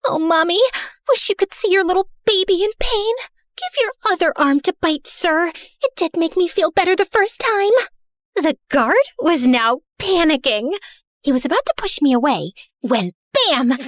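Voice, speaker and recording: A woman's voice: very high voice, very animated, unhurried, a bit bright, dry recording, studio quality, heavily acted. A woman voicing a dramatic spoiled heiress. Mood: sassy. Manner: theatrical, sarcastic, self-centered. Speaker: first-person narrator. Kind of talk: animated story narration in character.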